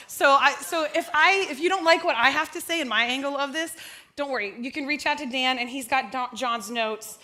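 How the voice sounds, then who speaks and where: A woman's voice: sits high, normal speed, bright, forceful tone. A young woman preaching a sermon in church, chatty and self-deprecating, asking the congregation questions. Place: church sanctuary.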